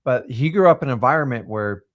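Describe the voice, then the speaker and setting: Thirty-something guy rambling in a casual chat, mid-pitched voice. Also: animated, fast, lo-fi sound. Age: 30s. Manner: loose, rambling, lots of fillers.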